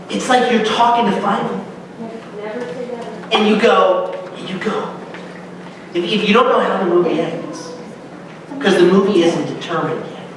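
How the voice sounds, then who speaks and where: A man teaching a Bible class in sermon style, acting out quotes with big swings in his voice. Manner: animated, acts out quotes with big pitch swings. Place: church hall. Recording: echoey room, voice from far off, faint hum.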